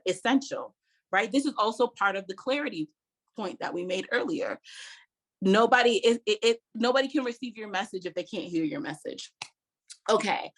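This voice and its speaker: A middle-aged woman runs an online public speaking workshop, speaking conversationally to viewers, hammering home key points with emphasis, and laughing between them. Her voice is on the high side with a fairly bright tone.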